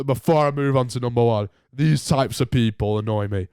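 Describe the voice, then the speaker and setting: A young man with a Northern English accent hosts a casual solo podcast, joking and rambling with plenty of restarts. His voice sits at an ordinary middle pitch. The sound is dry and close, with no room around it. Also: brisk, hardly any pauses, a little mellow, smooth, dry recording. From Northern England. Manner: chatty, jokey, rambling with restarts. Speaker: podcast host.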